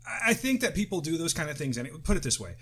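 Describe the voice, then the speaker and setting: A man's voice: a little high, big pitch swings, fast talker, vocal fry, fairly bright tone, slightly rough. A middle-aged man co-hosting a podcast in casual chat, still getting over the flu, talking loosely with swearing and restarts. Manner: loose, profane, rambling with restarts. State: recovering from flu, tired. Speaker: podcast co-host.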